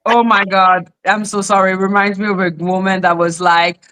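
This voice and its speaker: A woman's voice: medium pitch, flat delivery, moderate pace, a bit bright, a little hiss or hum, poor audio. A woman with a French accent, for whom French is her first language, chatting casually and playfully on a live stream, often laughing and mimicking people.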